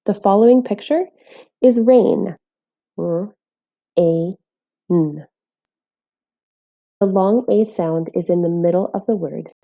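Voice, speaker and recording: Mellow woman teaching phonics, dull recording. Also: medium pitch. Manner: clear, careful, sounding out letters. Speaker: literacy teacher. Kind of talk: scripted instructional voice-over.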